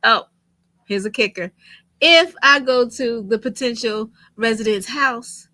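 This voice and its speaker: A woman co-hosting a casual advice talk, chatty, with quick affirmations. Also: fairly high pitch, sharp tone, dry recording. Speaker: co-host.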